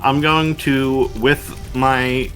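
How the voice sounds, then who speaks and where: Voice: medium pitch, level tone, extremely slow, a bit bright, faint music behind. A player in a tabletop game, speaking playfully and laughing often. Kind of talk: casual tabletop play.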